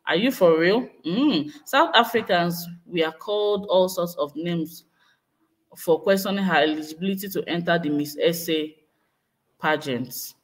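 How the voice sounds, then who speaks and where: A woman vlogger hosts a live chat, reading out viewer comments and answering them with speculative, hedging commentary. Her voice is on the low side and her pace a little slow.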